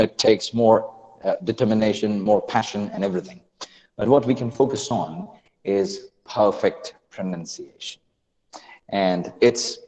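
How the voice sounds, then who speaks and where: A man's voice: medium pitch, in a large hall. A man teaching pronunciation in an online lesson, coaxing his students and often restarting his sentences. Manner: animated, coaxing, with repeated restarts. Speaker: accent and pronunciation trainer.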